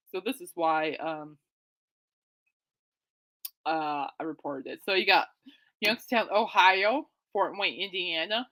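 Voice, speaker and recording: Excitable chatty woman podcast host. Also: fairly low pitch. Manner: chatty, excitable, self-correcting. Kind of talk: casual rambling chat.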